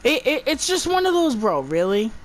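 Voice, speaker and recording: A woman's voice: sits high, very animated, moderate pace. A woman giving an exasperated, profane movie review, stumbling and restarting her words as she rants.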